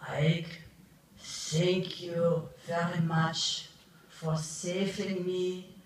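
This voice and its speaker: A grateful old German veteran with a thick put-on accent, as a woman mimics him. His words come slow and formal, carried over a booming public address that echoes from a distance. Steady crowd-like noise sits underneath. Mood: earnest thanks. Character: grateful older German man, a former soldier. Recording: echoey PA from far off, noisy.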